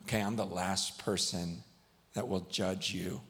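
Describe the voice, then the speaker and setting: A man's voice: low-pitched, level tone, measured pace, fairly bright tone. A man preaching a sermon at a live event, telling a story in a conversational way and acting out what others said.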